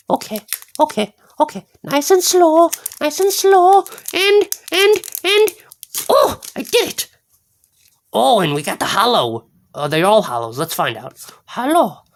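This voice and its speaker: A woman in an unboxing vlog, giddy and squealing, rambling to herself as she opens card packs. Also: high voice. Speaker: card pack opener.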